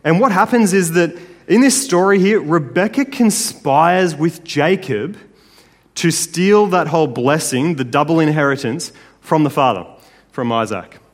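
A man's voice: fairly high pitch, animated, unhurried. A man preaching a sermon in a casual, conversational way, often checking in with his listeners. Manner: casual, conversational, with tag questions. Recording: long hall reverb.

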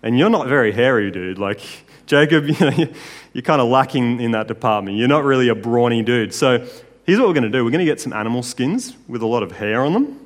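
Man doing a scheming mother, conspiratorial to urgent, mid-pitched voice, long hall echo. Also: lively intonation, brisk, lightly acted. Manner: conspiratorial, then urgent shouting. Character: scheming mother urging her son on.

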